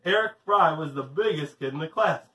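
Gym teacher guy reading a kids story, lively and up-and-down, far from the mic. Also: on the high side, moderate pace. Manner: animated storytelling. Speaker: physical education teacher. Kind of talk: children's story read-aloud. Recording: roomy, distant mic.

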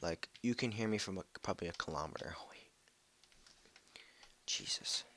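Deep, gravelly young man gaming. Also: moderate pace, a little hiss or hum. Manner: excitable, swears a lot, jumpy. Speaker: gaming video creator. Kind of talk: casual gameplay commentary. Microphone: headset mic.

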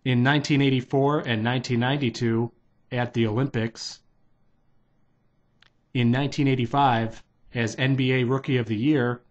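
A man's voice: medium pitch, fairly even intonation, normal speed, pauses often, highs cut off. A man casually reading a children's novelization aloud. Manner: plain, unpolished read-aloud. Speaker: reader.

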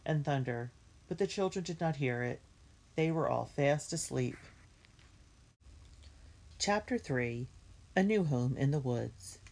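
Low, husky woman reading a storybook. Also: darkish tone. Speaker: reader.

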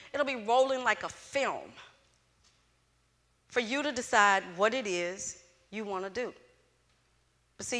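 A middle-aged woman gives a motivational talk at a fairly high pitch. Her voice is bright and forceful, and she tells her story with energy. The sound carries a long echo from the hall. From Louisiana, USA. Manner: animated storyteller who acts out dialogue. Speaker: closing speaker at a student event. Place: event hall with student audience. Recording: echoey hall.

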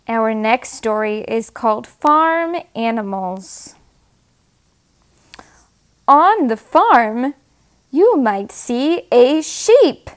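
A woman reading picture books aloud to toddlers in a slow, sing-song way, making animal sounds and asking them to point. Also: on the high side, very animated. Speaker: storyteller.

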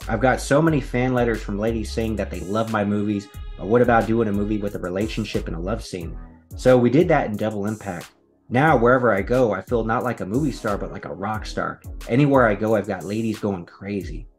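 A man hosting a video, reading a magazine article aloud and breaking off into relaxed, chatty asides. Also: on the low side. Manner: laid-back, chatty asides between read passages. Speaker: video host.

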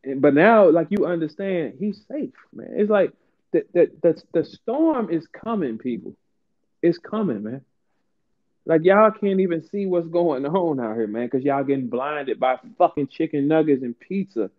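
A man hosting a casual chat, ranting with big swings in his voice. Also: normal speed. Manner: animated ranting, swings high and low. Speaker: host. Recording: tinny phone-like line.

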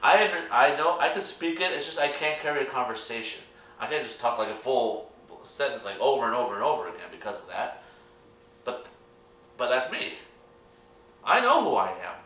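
Speaking to his viewers in a rambling yet earnest way, this young American reaction vlogger has a mid-range voice that is bright, forceful, and expressive at a normal pace. The recording sounds echoey, with the mic set far off.

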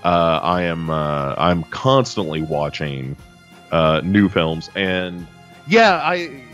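Chatty low-voiced American man podcasting. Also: big pitch swings, takes it slowly, a bit bright, soft background music. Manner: rambling, self-interrupting, chatty. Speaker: podcast co-host. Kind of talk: casual chat.

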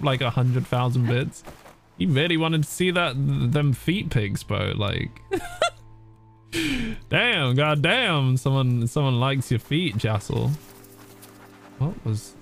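A man's voice: medium pitch, a little hiss or hum. A man streaming a video game live, chatting casually with his viewers, swearing and laughing as he plays. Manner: chatty, swearing, laughing, reading chat aloud. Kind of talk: casual gameplay commentary.

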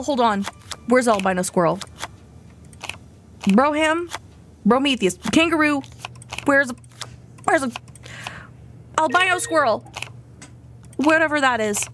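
A young woman with a fairly high, fairly bright voice plays a video game on a live stream, chatting casually and muttering to herself. She often repeats words under her breath and giggles.

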